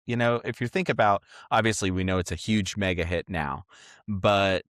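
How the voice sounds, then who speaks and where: A man co-hosting a podcast, calmly leading segments and giving his take on a TV episode. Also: low-pitched, dry recording, clean studio sound. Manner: measured, affirming, runs the segments. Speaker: podcast co-host. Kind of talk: casual podcast talk.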